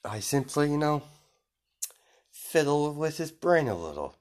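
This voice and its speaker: A man's voice: a little high, big pitch swings, measured pace, a little mellow, voice pushed up. A man voicing a smug young woman villain who gloats over her scheme, raising his voice into a lighter, sing-song tone. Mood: gloating.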